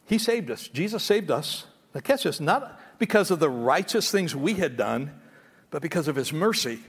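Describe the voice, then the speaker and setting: High-voiced emphatic male preacher. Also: very animated, normal speed, husky, in a large hall. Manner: emphatic, conversational, stammers on restarts. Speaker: pastor. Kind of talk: sermon.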